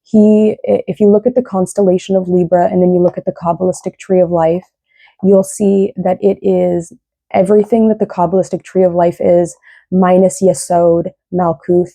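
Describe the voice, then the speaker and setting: A woman's voice: fairly low pitch, flat delivery, moderate pace, vocal fry, mellow, no room sound. A young woman giving a casual, rambling tarot reading, often tagging her sentences with "right?". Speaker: tarot reader.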